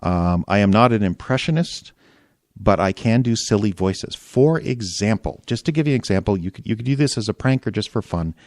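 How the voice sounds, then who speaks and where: A man hosting a podcast, chatting in a relaxed, self-deprecating way. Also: on the low side, fairly quick, dry recording, studio quality. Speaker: podcast host. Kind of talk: casual podcast talk.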